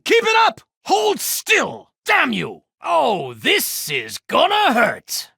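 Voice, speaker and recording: Tobar, a gravelly ferryman. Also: high-pitched, a bit bright, no room sound, exaggerated voice. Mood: aggressive. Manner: wry, teasing sales patter. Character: gruff male ferryman, wry salesman and fighter. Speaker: ferry captain in a video game. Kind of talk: video game voice lines. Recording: dry close studio recording.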